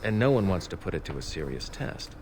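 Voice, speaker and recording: A man's voice: low-pitched, sing-song, a little fast, background noise. An actor playing a worried male elf in a video game, speaking earnestly as he asks for help. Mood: concerned. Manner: earnest, pleading. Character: worried male elf pleading for his cousin. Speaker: game character.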